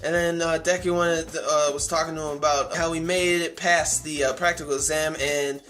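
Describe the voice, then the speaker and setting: A man's voice: fairly high pitch, little pitch movement, normal speed, fairly bright tone, faint music behind. Rambling man recapping an anime episode. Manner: rambling, many fillers and restarts; enthusiastic. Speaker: anime reviewer.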